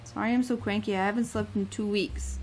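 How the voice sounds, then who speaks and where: A woman's voice: medium pitch, fairly even intonation, fairly quick, darkish tone, faint music behind, close to an everyday voice, low-quality recording. A woman reading aloud the lines of a cranky, sleepless male frog who calls himself king of an island in a video game.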